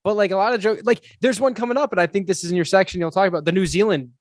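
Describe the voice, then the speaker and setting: A man's voice: high-pitched, very fast, no room sound, studio quality. A man co-hosting a podcast, chatting casually about a movie with lots of "like" and loose phrasing. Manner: loose, filler-heavy chat with many "like"s. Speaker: podcast co-host.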